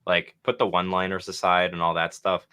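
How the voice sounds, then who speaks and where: A male co-host chats casually on a livestream, hedging his points with plenty of fillers. His voice is deep and bright-edged. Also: level tone, fairly quick, smooth. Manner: hedging, lots of "like" and "uh". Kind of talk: casual discussion.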